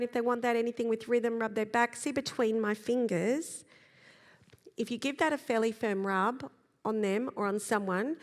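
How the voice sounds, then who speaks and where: A middle-aged woman giving a calm, gentle talk on parenting to a live audience, pausing to demonstrate slow breaths and sighs. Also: medium pitch. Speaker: parenting speaker. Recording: long reverb of a large hall.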